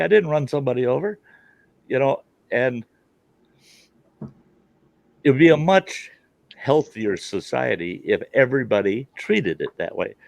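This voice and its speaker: A man's voice: mid-range voice, lively intonation, moderate pace, vocal fry, long pauses, no echo. A man ranting bluntly in a casual group chat, acting out dialogue as he goes. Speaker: call participant.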